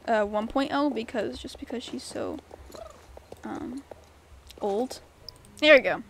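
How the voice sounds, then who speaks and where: A woman's voice: fairly high pitch, slight background noise. A young woman giving casual, gushing commentary while playing a game, giggling and swearing now and then. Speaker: gaming YouTuber. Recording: faint game music behind.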